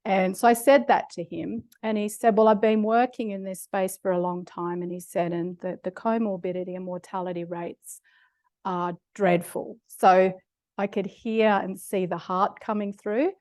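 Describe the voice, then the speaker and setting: A woman's voice: mid-range voice, steady tone, moderate pace, a little mellow, dry recording. Middle-aged Australian woman lecturer, wry storyteller, dry close mic. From Australia (Queensland). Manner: humorous, self-deprecating storytelling with laughs. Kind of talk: public lecture with personal stories. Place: lecture hall.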